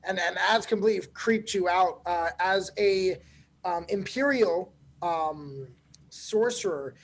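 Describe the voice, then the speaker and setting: A man co-hosting a casual recap chat as a player, explaining things in a relaxed way with some fillers. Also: high-pitched, slow, poor audio. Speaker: podcast co-host and player.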